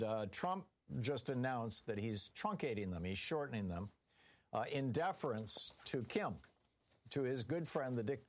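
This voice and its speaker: A man hosting a political call-in radio show, talking in a sardonic, chatty way with frequent ums and restarts. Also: medium pitch. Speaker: radio talk show host. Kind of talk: political talk radio monologue.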